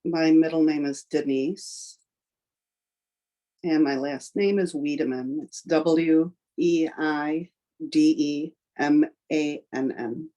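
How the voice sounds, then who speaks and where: A woman receiving a spiritual reading, speaking slowly and carefully. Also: low voice, steady tone, warm tone.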